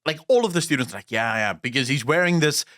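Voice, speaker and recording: A man from South Africa chatting casually as a podcast co-host. His pitch swings widely as he tells stories, emphatic and swearing freely. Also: fast. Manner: lively storytelling, swearing, emphatic. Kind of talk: casual chat.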